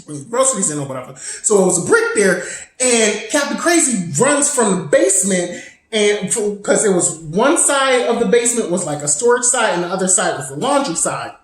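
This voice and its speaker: A woman's voice: medium pitch, big pitch swings, moderate pace. A woman in her twenties telling a personal story in a casual, profane, rambling way, full of side tangents. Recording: very echoey room.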